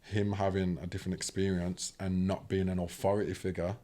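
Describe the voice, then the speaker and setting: A man's voice: low-pitched, brisk. A young British man telling a personal story casually and animatedly, often asking "do you know what I mean". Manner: animated, acts out quoted voices. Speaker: podcast guest.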